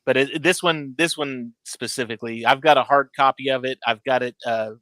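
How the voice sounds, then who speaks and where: A man co-hosting a casual movie chat, telling stories in an animated, rambling way. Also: mid-range voice, fairly quick, dry recording. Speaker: podcast co-host.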